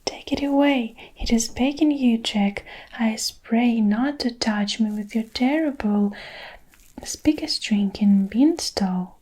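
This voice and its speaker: A woman's voice: a little high, takes it slowly, a little mellow. A woman whispering as a shrieking, terrified giant. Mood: pleading. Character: huge terrified man-eating male giant. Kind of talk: whispered role-play.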